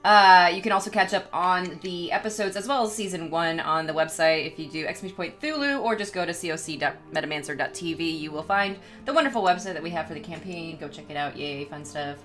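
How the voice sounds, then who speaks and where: A woman game master with a lower, bright and sharp voice, joking with her players before the session. She runs the recap loosely and talks straight to her chat. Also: fairly quick, few pauses, faint music behind.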